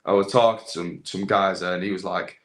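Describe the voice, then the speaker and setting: Low-pitched and fairly bright, this young man's voice stays fairly even while moving briskly. Appearing as a podcast guest, the landscaping business owner with a social media following rambles casually, full of fillers and restarts.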